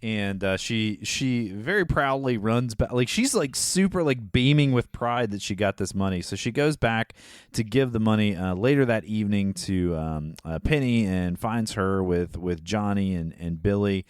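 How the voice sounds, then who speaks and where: A man with a fairly low voice that swings widely in pitch as he talks, recapping a film for a podcast. He chats casually, laughs often and slips into quick impressions of the characters. The sound is dry and close. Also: animated, smooth, dry recording. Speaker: podcast co-host. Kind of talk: casual movie recap chat.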